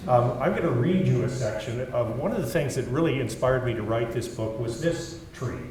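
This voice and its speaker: A man's voice: mid-range voice, lively intonation, normal speed, crowd noise. A man, an author giving a public talk and reading from his book, speaking thoughtfully with some fillers. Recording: echoey hall, mic far off.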